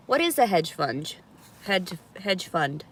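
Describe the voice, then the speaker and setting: Taking it slowly, a woman with a lowish, very animated voice chats candidly in a park as a reality show subject reacting to viewer messages. She laughs often and swears without holding back.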